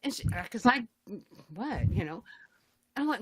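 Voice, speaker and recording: A woman in her fifties co-hosting a podcast, telling a story in casual chat with high, loud bursts and laughter. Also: lively intonation, normal speed, breathy edge. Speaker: podcast co-host.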